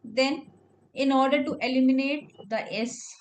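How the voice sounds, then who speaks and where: A woman's voice: high voice, unhurried, a little hiss or hum, poor audio. A woman teaching French pronunciation in a one-on-one lesson, explaining patiently step by step. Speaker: French tutor.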